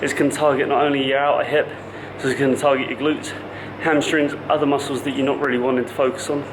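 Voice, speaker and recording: A fitness coach chats casually to his camera, explaining as he goes in loose, stop-start phrases. His voice sits in an ordinary middle pitch. Clear traffic noise runs behind him. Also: little pitch movement, quick pace. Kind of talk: casual vlog talk to camera.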